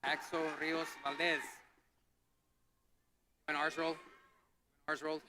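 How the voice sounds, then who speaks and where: Man, casual name checks, friendly and brisk, somewhat high voice, noisy background. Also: little pitch movement. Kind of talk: casual talk with students. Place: graduation ceremony, near the stage.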